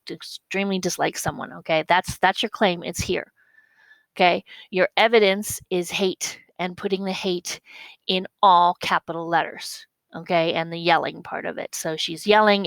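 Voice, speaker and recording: Gravelly-voiced woman teacher explaining. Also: on the low side, no echo, poor audio. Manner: explains step by step, repeats points, checks with "okay?". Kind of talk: classroom lesson walkthrough.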